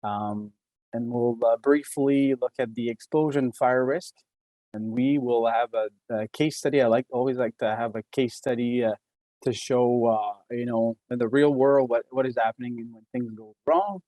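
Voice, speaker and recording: Man, Québécois French accent, mid pitch, halting webinar talk, dry sound. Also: fairly even intonation, mellow, no echo. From Quebec. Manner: hesitant, many uh fillers and restarts. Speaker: engineer presenting a webinar. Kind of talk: presentation.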